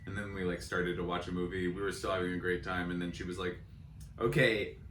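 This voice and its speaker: A man's voice: sits low, completely flat delivery, quick pace, fairly bright tone, echoey room, slight background noise. A man in his thirties co-hosting a podcast, chatting casually and comically, rambling and self-deprecating. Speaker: podcast co-host. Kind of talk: casual comedic chat.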